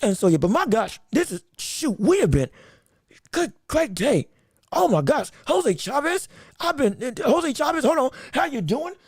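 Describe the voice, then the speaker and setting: Woman host, high-ish voice, dry close sound, rambling and opinionated live sports talk. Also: very animated, a little slow, slightly rough, dry recording. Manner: rambling, repeats herself, greets chat viewers; emphatic and opinionated. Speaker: podcast host. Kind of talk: live-streamed sports commentary.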